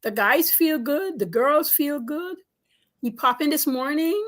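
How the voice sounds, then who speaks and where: Woman coach talking biz tips, kinda high voice, keeps hammering her points home, lively. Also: unhurried. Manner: animated and emphatic, repeats points for stress. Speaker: business coach. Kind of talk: casual advice interview.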